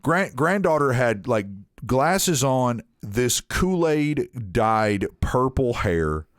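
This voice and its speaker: A deep-voiced man spinning a long story on a casual podcast. His pitch rises and falls a lot as he acts out the scene, and he swears freely. The sound is close and dry, with no room in it. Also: sing-song, slow pace, no room sound. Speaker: podcast host.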